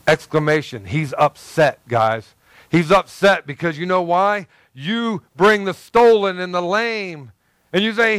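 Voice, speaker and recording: A man, a pastor, giving an animated, conversational sermon with repeated phrases and acted-out asides. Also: sits high, unhurried, smooth, no echo.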